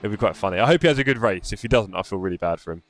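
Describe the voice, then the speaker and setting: A man's voice: lowish voice, expressive, racing, a bit bright, slight background noise. Chatty man hosting a stream. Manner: chatty, teasing, reads chat aloud. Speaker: stream host. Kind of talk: casual live-stream chat.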